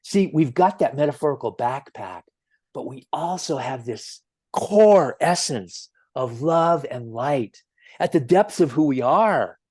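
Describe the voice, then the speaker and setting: A man giving a gentle, earnest sermon as a minister, telling stories at an easy pace with emphatic swells. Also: mid-range voice, animated, unhurried, breathy edge, no echo, clean studio sound. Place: church sanctuary.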